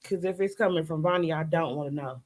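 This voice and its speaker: A woman's voice: low voice, quick pace, a little mellow. A woman co-hosting a podcast in casual chat, teasing and blunt, curious about everything. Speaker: podcast co-host.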